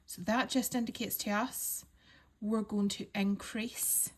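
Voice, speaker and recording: A woman calmly talking learners through a crochet pattern step by step, counting stitches aloud and reassuring them. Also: mid-range voice, unhurried. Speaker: crochet instructor. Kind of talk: step-by-step craft tutorial.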